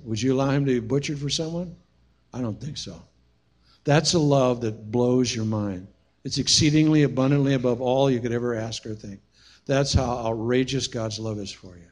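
A middle-aged man preaching a sermon as pastor, telling a personal story and swinging from hushed to shouting. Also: medium pitch.

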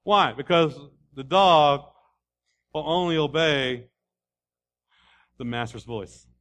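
A man preaching a sermon in a folksy way, building to loud repeated declarations. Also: fairly high pitch, slow. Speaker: pastor.

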